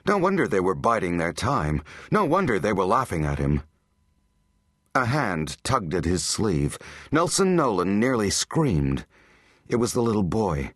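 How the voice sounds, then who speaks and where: Lively low-voiced male audiobook narrator. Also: measured pace, dry recording, clean studio sound. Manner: dramatic, tense storytelling. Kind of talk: scripted narration.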